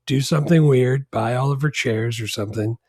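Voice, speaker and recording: Man, podcast co-host, laid-back, hesitant, many ums, slightly husky, dry close sound. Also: medium pitch, fairly quick, darkish tone, no echo. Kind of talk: casual movie chat.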